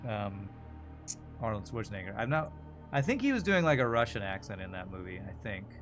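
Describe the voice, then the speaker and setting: A man's voice: fairly low pitch, big pitch swings, a little fast, fairly bright tone, faint music behind. A man streaming a video game, chatting casually and answering viewer questions while he plays. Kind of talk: casual gameplay commentary.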